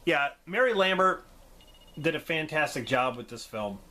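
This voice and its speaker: A man reviewing horror movies in a casual vlog, enthusiastic and quick to laugh. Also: on the high side, expressive, pushed and bright, a little hiss or hum. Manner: enthusiastic, laughs often, acts out quotes.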